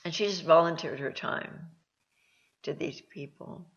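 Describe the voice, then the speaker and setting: A woman recounts stories in a slow, measured, halting way, often pausing and restarting her sentences. Her voice carries a gravelly fry, and the recording sounds somewhat dull and lo-fi. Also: deep voice. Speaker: host and counselor. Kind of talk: personal storytelling talk.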